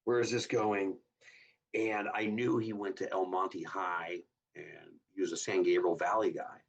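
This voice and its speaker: A husky, fairly low-voiced man in his fifties tells his stories as a guest and slips into the voices of the people he quotes. He sounds a little distant from the mic, and the recording is dull and lo-fi. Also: normal speed. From Southern California. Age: 50s. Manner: animated storyteller who acts out quoted dialogue in a raised voice. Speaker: guest, hot rod builder. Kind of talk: casual interview storytelling.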